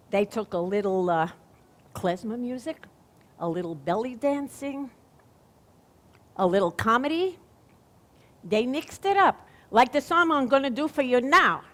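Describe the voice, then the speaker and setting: An actress playing a chatty, wisecracking stage comedienne with a Brooklyn accent, in a one-woman stage monologue. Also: a little high. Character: Fanny Brice, wisecracking female stage comedienne. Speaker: stage performer. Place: theater stage.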